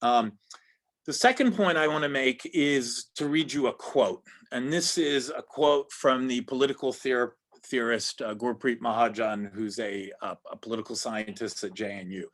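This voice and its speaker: A man's voice: mid-range voice, moderate pace, fairly bright tone. A man with an American accent giving an academic lecture over a video call, thoughtful, often restarting and checking in with "right?". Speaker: guest lecturer.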